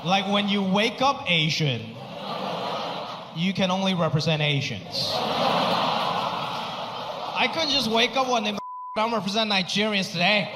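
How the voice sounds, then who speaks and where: A male stand-up comedian performing a live set, animated and acting out other people's voices. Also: slow pace, long pauses. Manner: animated, acts out other people with big pitch jumps. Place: comedy stage before a live audience. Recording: live hall reverb with crowd noise.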